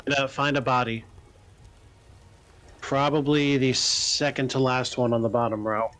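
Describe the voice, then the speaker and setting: A man's voice: mid-range voice, fairly even intonation, a little slow, a bit bright, a little hiss or hum. A man co-hosting a game livestream, talking in a laid-back, dry way. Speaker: game streamer. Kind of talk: casual let's-play chat.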